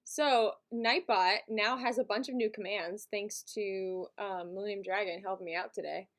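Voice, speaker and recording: A woman's voice: medium pitch, steady tone, moderate pace, fairly bright tone. A woman hosting a live stream, chatting casually and giggly with her viewers from a home setup. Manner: chatty and giggly, talks to chat.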